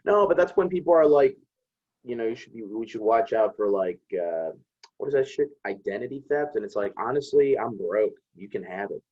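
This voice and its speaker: A man's voice: on the low side, expressive, normal speed, a little mellow, lo-fi sound. A young man from Chicago, a comedian guest, telling laid-back, self-deprecating stories in casual chat. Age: young adult.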